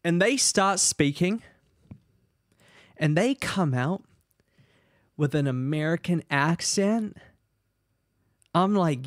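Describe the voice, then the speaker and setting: Male streamer, rambling animated game commentary, slightly high voice, dry close sound. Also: takes it slowly, pauses often, no echo. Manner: rambling, animated, talks to chat. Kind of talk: casual gameplay commentary.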